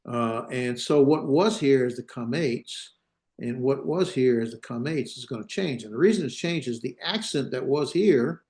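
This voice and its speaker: A man's voice: mid-range voice, a little mellow. A male teacher giving a classroom lecture on grammar, thinking aloud, hesitating and correcting himself as he goes. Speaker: Hebrew teacher.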